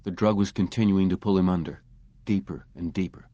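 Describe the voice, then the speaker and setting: A man reading a science fiction story aloud as an audiobook narrator, in a measured way. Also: sits low, dark tone, no room sound, highs cut off. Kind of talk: scripted narration.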